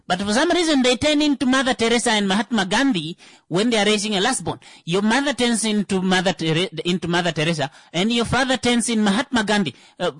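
A man giving a comedic monologue, halting with frequent "uh" fillers and sudden rises in pitch for emphasis. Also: a bit bright, no echo.

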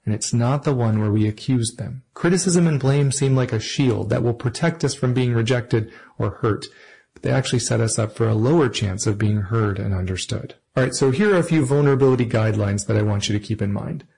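A man giving an earnest, measured lesson on relationships and acting out example phrases between partners. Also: medium pitch, creaky, mellow, husky, poor audio. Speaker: relationship teacher. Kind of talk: instructional talk to camera.

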